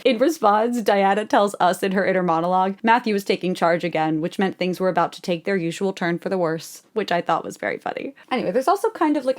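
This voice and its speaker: A young woman giving casual, sarcastic commentary as a video essayist. She sounds exasperated and says "like" a lot. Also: medium pitch. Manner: sarcastic, exasperated, heavy use of "like".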